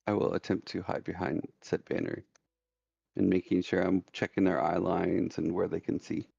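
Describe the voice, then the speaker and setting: A man's voice: low-pitched, flat delivery, moderate pace, vocal fry, a little mellow, breathy edge, dry recording. A man playing in a tabletop role-playing game who speaks in a plain, matter-of-fact way. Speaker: player. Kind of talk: casual tabletop play. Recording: muffled lo-fi mic.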